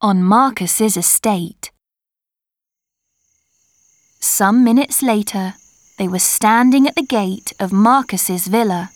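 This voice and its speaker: A woman narrating a storybook chapter in a slow, clear reading manner. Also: mid-range voice, no echo, clean studio sound.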